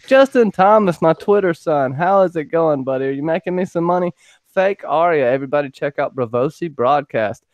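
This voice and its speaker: A man's voice: a little high, moderate pace, no echo. A man hosting a casual livestream discussion, joking and greeting viewers by name. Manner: lively, joking, shouting out viewers. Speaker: podcast host greeting chat.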